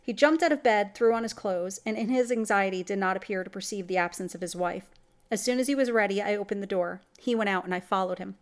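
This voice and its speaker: A woman's voice: medium pitch, fast talker. A woman reading a classic gothic horror story aloud in scripted narration, with dramatic delivery. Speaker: story reader.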